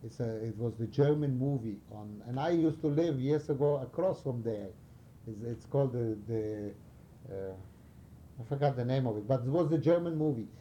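Older man from Romania for an oral history interview: dark mellow voice, searches for words as he tells his stories. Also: mid-range voice, dull audio, slight background noise. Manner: halting, searching for words, animated storytelling. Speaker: interviewee recalling wartime past.

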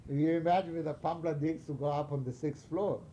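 An older man from Romania in an oral history interview, telling wartime stories haltingly as he searches for words, with some animated moments. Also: on the high side, slight background noise. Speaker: interviewee recalling wartime past.

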